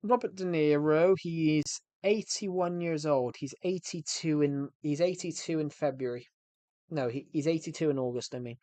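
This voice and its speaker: A man's voice: a little high, moderate pace, warm tone, dry recording. A man chatting casually on a game livestream in a rambling, self-correcting way. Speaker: game streamer.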